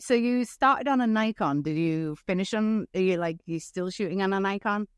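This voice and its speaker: A woman's voice: mid-range voice, normal speed, clear, resonant tone, no room sound, studio quality. A woman hosting a casual podcast interview, asking loose, rambling questions with lots of fillers. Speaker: podcast host.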